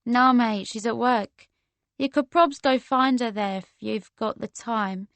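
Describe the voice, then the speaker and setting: In this audiobook character voice, a woman plays a friendly, laid-back young Londoner who talks in casual slang and sounds easygoing. Her voice is a little high and a bit bright, unhurried, with no room sound.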